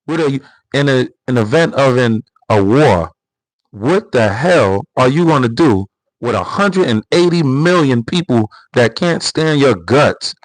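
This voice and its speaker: A man's voice: medium pitch, no echo, low-quality recording. A man hosting a livestream, giving casual political commentary in an emphatic, repetitive way full of rhetorical questions. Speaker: livestream host.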